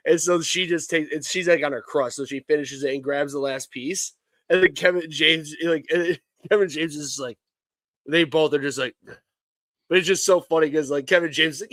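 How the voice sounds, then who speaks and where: A man in his thirties talks on a live sports stream with a slightly high voice. He rambles and restarts his sentences. The sound is close and dry, with no room around it. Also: moderate pace, no echo. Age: 30s. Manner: rambling storyteller, many restarts, laughs while telling stories. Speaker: co-host. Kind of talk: casual live-stream banter.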